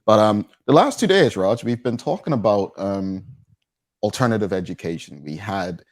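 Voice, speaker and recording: A man hosting a talk show, talking in casual banter that stammers into restarts and leaps up in pitch when he gets excited. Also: normal speed, no echo, studio quality.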